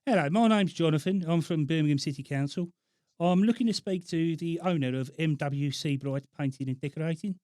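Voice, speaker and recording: A man putting on a Black Country accent to play a male council caller in a prank call, slow, deliberate and officious. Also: fairly high pitch, a little mellow, no echo, clean studio sound, close to an everyday voice. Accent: put-on Black Country.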